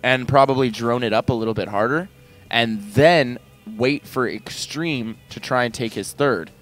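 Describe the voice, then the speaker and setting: A man casting a video game match, breaking down strategy in an analytical, measured way. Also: medium pitch, soft background music. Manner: analytical, measured, speaks in quick asides. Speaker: esports caster. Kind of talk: play-by-play game commentary.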